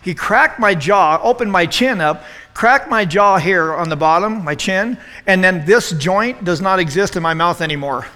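A youth pastor in his forties telling an animated story in a youth sermon, acting out quotes with self-deprecating humor. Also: high-pitched, normal speed. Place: church youth room. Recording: long hall reverb.

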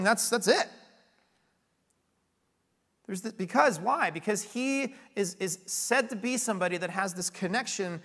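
In a church sanctuary, a man who is a pastoral candidate preaches a conversational sermon, earnest and explanatory, posing rhetorical questions. His voice sits high with a fairly bright tone, but it grows hoarse as he loses it, and the recording carries the long reverb of a large hall.

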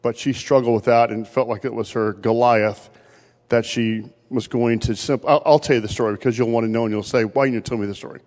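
A man's voice: mid-range voice, steady tone, fairly quick, a little mellow. Man preaching in a reverberant church. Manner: storytelling, quotes family members in his own voice. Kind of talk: sermon. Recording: long reverb of a church hall.

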